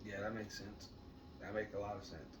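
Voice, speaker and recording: A man's voice: on the low side, normal speed. Laid-back profane man on a podcast. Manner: laid-back, profane, swings up loud when excited. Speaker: podcast co-host. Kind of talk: casual storytelling chat. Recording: echoey room, mic at a distance, noisy.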